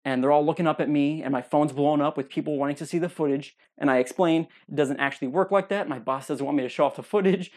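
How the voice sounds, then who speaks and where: A man's voice: fairly high pitch, quick pace, few pauses. A young man hosting his own podcast, telling a funny personal story and acting out what other people said. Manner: animated, acts out other people's lines. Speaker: podcast host.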